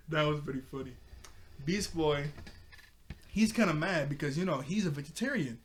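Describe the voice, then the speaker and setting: A young man with a slightly high voice talks through a cartoon episode in a loose, offhand way. He retells scene after scene and slips quick quoted lines into the recap. He laughs often as he goes. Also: animated. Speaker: cartoon reviewer.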